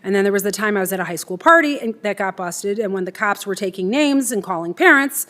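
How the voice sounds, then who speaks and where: A woman reads a eulogy for her father. Her delivery is tender and steady, with emotion running underneath it. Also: mid-range voice, fast talker. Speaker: daughter giving a eulogy. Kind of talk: read eulogy.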